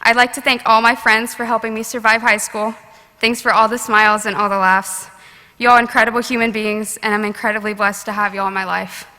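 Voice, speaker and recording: A woman's voice: on the high side, little pitch movement, a little fast, bright, forceful tone. A young woman in her late teens giving an earnest, heartfelt graduation speech at a podium microphone. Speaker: student graduation speaker. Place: large graduation venue. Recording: long reverb of a large ceremony hall.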